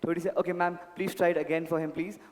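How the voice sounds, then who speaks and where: This magician talks fast in a fairly high voice with little pitch movement, working a large club-event hall through a handheld mic. His patter politely coaxes volunteers, whom he calls sir and ma'am.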